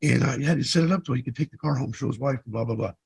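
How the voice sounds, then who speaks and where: A man's voice: mid-range voice, very fast, gravelly, a little mellow, slight background noise, rough recording. A man in his fifties who vlogs, telling his own story in a blunt, profane, rambling way. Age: 50s. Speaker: vlogger. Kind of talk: casual personal storytelling.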